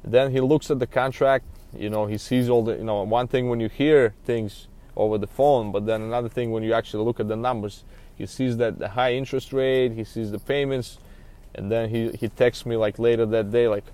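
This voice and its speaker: This used car dealer has a mid-range, slightly mellow voice with fairly even intonation and a fairly quick pace. His story wanders casually, frustrated in tone and heavy on "you know."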